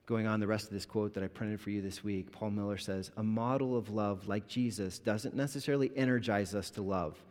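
A man pastor giving an animated, conversational sermon with humor to his congregation in a church. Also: on the low side, fairly quick, few pauses. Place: church sanctuary. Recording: long hall reverb.

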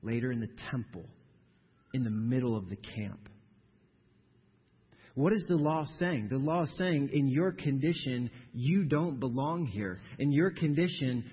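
A man preaching a sermon in an animated way, getting louder and softer and putting questions to the congregation. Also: on the high side, slightly rough. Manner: animated preaching, rising and falling in volume, asks the congregation questions. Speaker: pastor. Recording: dull sound, long reverb in a large hall.

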